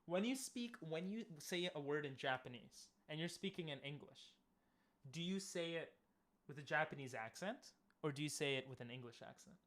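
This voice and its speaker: A man's voice: fairly high pitch, expressive, normal speed, fairly bright tone. A man streaming, chatting casually and easygoingly with his viewers, laughing often.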